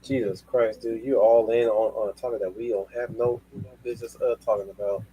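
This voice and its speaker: A man's voice: fairly low pitch, steady tone, fairly quick, dark tone, slightly rough, poor audio. A man hosting a casual panel chat, rambling with many restarts and casual swearing. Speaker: podcast host.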